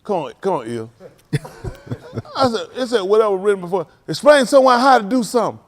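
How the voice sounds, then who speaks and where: A man's voice: sits high, sing-song, fast. A man leading a youth group at a congregation, bantering and teasing the young people before opening a Bible lesson. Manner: playful, teasing, banters with the audience.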